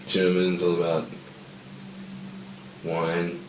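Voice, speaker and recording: A man's voice: deep voice, roomy sound, slight background noise, low-quality recording. A stoned man in casual chat who rambles, swears a lot, and keeps losing his train of thought. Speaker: podcast co-host.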